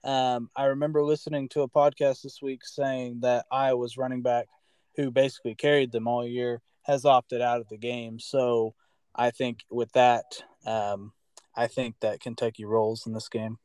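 Male co-host, clear smooth voice, dry sound, hedges his takes. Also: medium pitch, little pitch movement, normal speed, darkish tone, no room sound. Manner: hedging, thinks aloud with fillers. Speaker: podcast co-host. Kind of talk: casual sports podcast chat.

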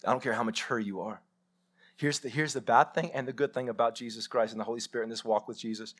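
A man's voice: medium pitch, fast. A man, preaching a live sermon and telling stories directly to his congregation. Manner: animated storytelling, addresses congregation directly. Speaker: pastor. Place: church sanctuary.

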